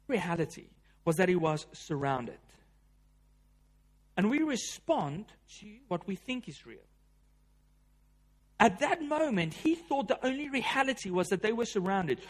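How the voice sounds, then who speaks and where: High-voiced emphatic male preacher. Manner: emphatic preacher, repeats key lines, rises in volume for quoted cries. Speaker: pastor. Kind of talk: sermon.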